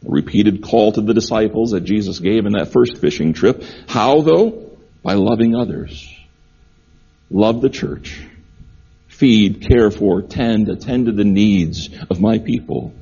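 Male pastor, sermon delivery, warm husky tone, dull lo-fi sound. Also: fairly low pitch, unhurried. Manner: earnest preaching, repeats phrases for emphasis.

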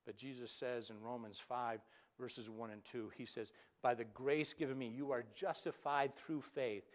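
A male pastor preaching a sermon, telling Bible stories with animated, acted-out quotes and some stammered restarts. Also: medium pitch, moderate pace.

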